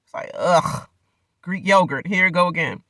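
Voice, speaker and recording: A man with a slightly high, sharp-edged voice talks through a reality show episode in a loose, slangy, rambling way and laughs often. His voice sounds close and dry, with no room echo. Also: moderate pace. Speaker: reality show recap vlogger. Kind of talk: casual reality TV recap.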